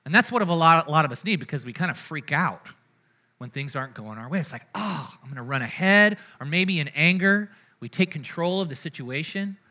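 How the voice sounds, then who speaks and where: A man preaching a sermon in a casual, conversational way, often checking in with the congregation and moving between loud, energetic lines and hushed ones. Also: on the high side, a little fast. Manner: conversational preaching, frequent "right?" and "amen?" asides to the congregation. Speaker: pastor.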